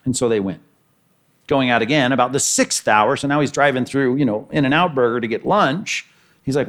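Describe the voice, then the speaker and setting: A man preaching a sermon, reading scripture and acting out the characters' voices with lively energy. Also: medium pitch, brisk. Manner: animated, acts out the characters' lines in the parable. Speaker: pastor.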